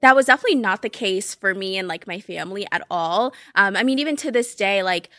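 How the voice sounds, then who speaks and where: A young woman from Cape Verde, a native Portuguese speaker, chatting casually as a podcast guest in a studio, animated and swearing freely. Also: medium pitch, quick pace, no echo. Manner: animated, swearing, laughs often. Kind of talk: casual chat.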